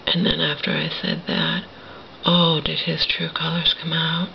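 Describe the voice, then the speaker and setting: A woman speaking to the camera in a hushed, gravelly whisper. Her voice sits low, and she swears bitterly as she talks. The recording is dull and lo-fi, with a faint hiss underneath. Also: very animated, unhurried. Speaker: vlogger. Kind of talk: whispered personal monologue.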